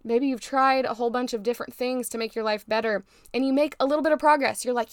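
Young woman podcast host, fired-up faith pep talk, smooth clear voice, slightly high. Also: fast, no room sound, clean studio sound. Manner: emphatic, preachy, fired-up encouragement.

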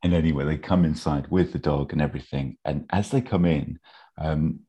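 Deep husky guy rambling thru a story, lots of ums, casual chat. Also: brisk, dark tone, highs cut off. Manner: rambling, many fillers, acts out characters' lines in a high voice. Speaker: podcast guest pitching a fan episode.

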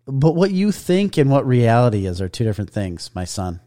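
A man's voice: mid-range voice, very animated, brisk, warm tone, dry recording. A man co-hosting a casual chat show, teasing with dry sarcasm. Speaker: podcast co-host.

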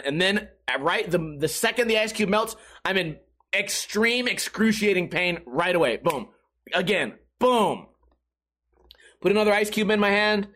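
A young man casually telling a story to camera, animated and profane, with many restarts and sudden yelps. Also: sits high.

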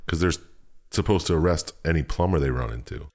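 A man's voice: extremely low pitch, expressive, a little fast, darkish tone. A man co-hosting a podcast, chiming in on a movie with laid-back, sarcastic asides. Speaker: podcast co-host. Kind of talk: casual movie chat.

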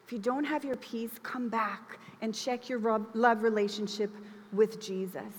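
Woman preaching in an echoing hall. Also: on the high side. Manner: conversational, emphatic, acts out quoted lines. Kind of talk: sermon. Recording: long reverb of a large hall.

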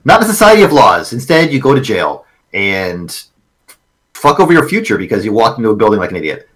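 A man co-hosting a podcast in casual chat, telling stories haltingly with repeated words and casual swearing. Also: on the low side, very animated, a bit bright, poor audio. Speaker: podcast co-host.

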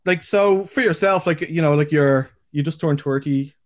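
A man's voice: on the high side, normal speed. Chatty stammering man interviewer. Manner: chatty, stammering restarts, banter. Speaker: interviewer, host. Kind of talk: casual interview chat.

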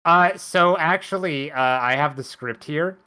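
A man hosting a casual podcast, chatting excitedly and reading out notes as he recaps a film. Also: fairly high pitch, measured pace, smooth. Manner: excitable, reads numbers off a script. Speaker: podcast host.

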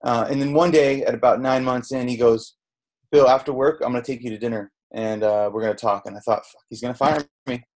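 A man's voice: mid-range voice, fairly even intonation, fairly quick, darkish tone. A middle-aged man from Southern California, a chef and podcast guest, telling his story candidly in a rambling way, with restarts and quoted dialogue. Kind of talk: candid storytelling in a casual interview. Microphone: podcast microphone.

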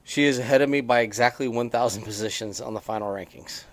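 A man's voice: medium pitch, fast talker, no echo. Man, podcast co-host, chatty and rambling, dry close sound. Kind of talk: casual podcast chat. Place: on a porch.

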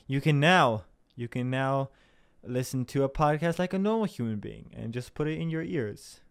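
A man's voice: mid-range voice, moderate pace, smooth. A young man from Southern Illinois hosting a podcast in a chatty, self-deprecating monologue, full of fillers and swearing. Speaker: podcast host. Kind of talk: casual rambling monologue.

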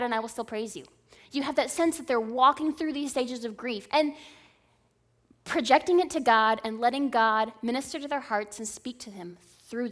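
Earnest woman preaching a sermon. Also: high-pitched. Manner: earnest, conversational preaching with rhetorical "right?". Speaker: speaker at a church service.

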